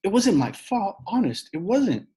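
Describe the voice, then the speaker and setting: A man reading aloud and voicing a bossy know-it-all schoolgirl in a shrill, sing-song way. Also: very animated, normal speed, a little mellow, husky. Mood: whiny.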